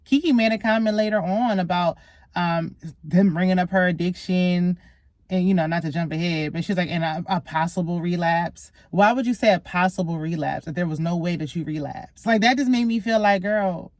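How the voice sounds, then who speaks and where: A woman's voice: lowish voice, moderate pace, a little mellow, no echo, studio quality. A woman, recapping a reality show in casual, sassy chat straight to her viewers.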